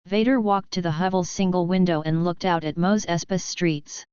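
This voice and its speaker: A woman reading a fan story as narrator in a measured, even way. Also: on the low side, clear, resonant tone, no echo. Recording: dull lo-fi dry.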